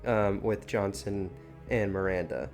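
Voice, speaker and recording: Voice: low voice, fairly even intonation, measured pace, gravelly, a little mellow, faint music behind. A podcast co-host chiming in during a casual chat, conversational and agreeable.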